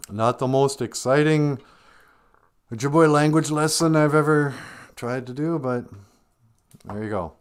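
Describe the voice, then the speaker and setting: A man's voice: medium pitch, measured pace, pauses often, clean tone. A man hosting a comedic podcast, talking in a casual, playful way. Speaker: podcast host.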